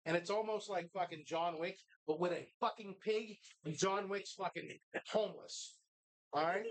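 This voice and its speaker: Talk-show host, constant swearing, animated storyteller, mid-pitched voice. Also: moderate pace. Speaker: podcast co-host. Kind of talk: live bar talk show, profane movie rant. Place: bar.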